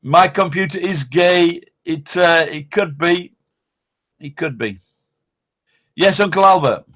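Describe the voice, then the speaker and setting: A man's voice: on the high side, takes it slowly, fairly bright tone. A man, hosting a casual live-stream chat, rambling, blunt and swearing constantly. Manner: rambling, blunt and heavily profane.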